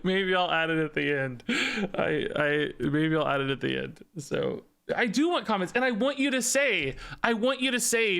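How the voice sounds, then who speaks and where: A man streaming a card game, talking fast in an exasperated, animated rant with frequent laughs and repeated words. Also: sits high, creaky.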